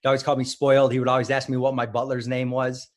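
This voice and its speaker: Male guest, wrestling coach from Illinois, rambling storyteller, mid pitch. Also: completely flat delivery, racing. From Illinois, United States. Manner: rambling, self-correcting storyteller. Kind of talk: casual interview.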